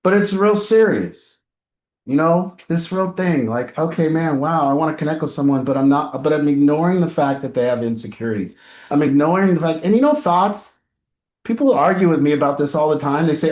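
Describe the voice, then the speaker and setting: A man's voice: a little high, animated, brisk, darkish tone, roomy sound. A man coaching a support group in a candid, blunt way, telling stories and acting out what people say. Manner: blunt, profane, anecdotal, acts out quotes. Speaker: addiction recovery group coach.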